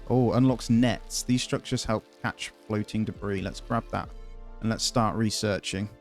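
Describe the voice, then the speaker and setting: A man's voice: on the low side, steady tone, unhurried, faint music behind. A man giving casual, chatty commentary as he plays a video game, thinking aloud and easily delighted. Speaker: gaming video host.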